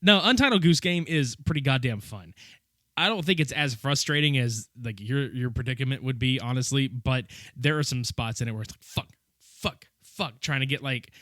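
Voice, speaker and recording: A man's voice: mid-range voice, a little fast, a bit bright, no echo, clean studio sound. A man co-hosting a casual podcast, joking and swearing in banter with his co-host. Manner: joking, laughing, profane banter.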